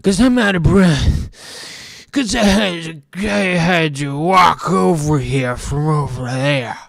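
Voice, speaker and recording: A man voicing a spiteful, heavy male customer who is out of breath and sneers slowly and loudly. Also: a little high, vocal fry, no echo, voice pushed up. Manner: slow, loud, sneering.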